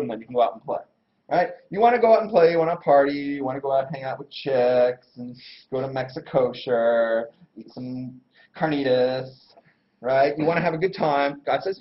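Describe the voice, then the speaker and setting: A man giving a casual religious lesson in a slangy, irreverent, animated way, full of everyday examples. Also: medium pitch, brisk. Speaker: Torah teacher and host. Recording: dull lo-fi recording.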